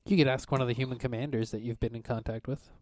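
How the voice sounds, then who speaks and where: Male game master, easygoing halting narration, average pitch, dry close recording. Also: no room sound. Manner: relaxed, halting narration with many fillers.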